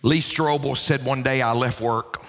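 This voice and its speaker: A man preaching a sermon as pastor, emphatic and rising to shouts, repeating key lines for emphasis. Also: medium pitch, steady tone, a little slow. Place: church sanctuary. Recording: long reverb of a church hall.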